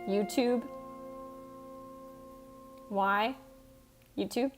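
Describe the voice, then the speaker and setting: A woman's voice: medium pitch, very slow. An American woman with a Michigan accent, chatting casually on a livestream and answering her chat in a chatty, self-teasing way. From United States. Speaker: streamer. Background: faint background music.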